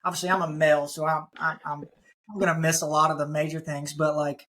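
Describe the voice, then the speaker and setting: A man's voice: fairly high pitch, little pitch movement, quick pace, a bit bright. Chatty man in his thirties hosting. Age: 30s. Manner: conversational, many fillers like "you know" and "like". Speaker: podcast host. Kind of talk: casual interview chat.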